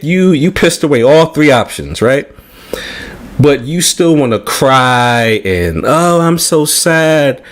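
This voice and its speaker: Male panelist, mid-pitched, casual, lively and profane storyteller. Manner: animated, profane, keeps checking in with "right?". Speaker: podcast panelist.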